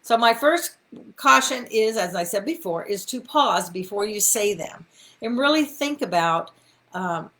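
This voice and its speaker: A woman's voice: medium pitch, animated, measured pace, fairly bright tone. Lady chatting on a live stream, middle-aged, folksy and encouraging, lots of ums. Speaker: host of a live faith talk. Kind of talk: casual live-stream teaching.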